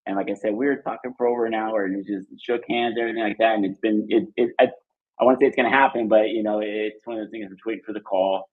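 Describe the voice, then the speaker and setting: A man from Southern California telling an animated story as a guest in a casual interview, full of fillers and restarts. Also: on the low side, fast talker, breathy edge. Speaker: guest, trucking business owner. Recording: phone-like narrow band line.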